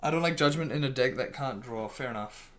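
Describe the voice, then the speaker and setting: A man talking through a live stream at a middle pitch, loose and unscripted. He trips over his words, restarts often and throws in casual swearing as he answers viewers. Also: a little fast, fairly bright tone. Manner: swears casually, restarts a lot, reads chat aloud.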